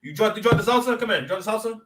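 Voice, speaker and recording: Talking very fast in a high, expressive, fairly bright voice, a man delivers casual battle rap commentary from home with his son nearby. He rambles and jokes, frequently stopping, restarting and repeating. The recording is echoey, with his voice off-mic and distant.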